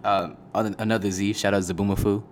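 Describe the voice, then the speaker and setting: A young man co-hosting a podcast in casual chat, teasing with quick banter. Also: on the low side, level tone, slight background noise. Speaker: podcast co-host.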